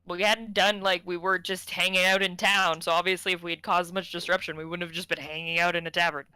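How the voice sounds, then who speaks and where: A woman's voice: fairly low pitch, flat delivery, fast talker, sharp tone, clear, resonant tone, dry recording. A woman playing a tabletop role-playing game. She talks brashly, laughs often and swears freely. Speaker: player.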